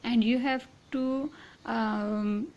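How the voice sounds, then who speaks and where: A woman's voice: on the high side, steady tone, darkish tone, muffled recording. Patient woman teaching letter sounds. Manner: slow and patient, demonstrating sounds with repeated syllables; many fillers and restarts, often saying inshallah. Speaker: Quran pronunciation teacher. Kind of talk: online lesson on Arabic letter pronunciation.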